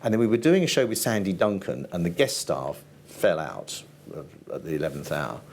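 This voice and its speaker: Deep-voiced older man telling stories. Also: very animated, normal speed, slight background noise. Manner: rambling, laughs often, quotes people in voices. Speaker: TV format producer, interview guest. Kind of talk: anecdotal storytelling on stage.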